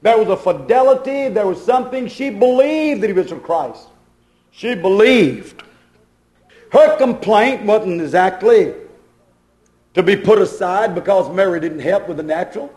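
A man's voice: high-pitched, lively intonation, unhurried, a little mellow. A man preaching a sermon with fervent delivery, his volume rising and falling. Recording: echoey hall.

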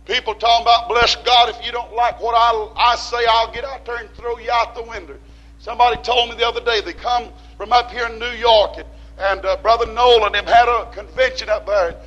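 A man preaches a fiery sermon in a strikingly high voice. His tone is bright and forceful, and he rises into shouts, then slows to hammer home short repeated lines. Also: fairly even intonation, dull audio. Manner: preaching with rising shouts and slow emphatic repeats. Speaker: pastor.

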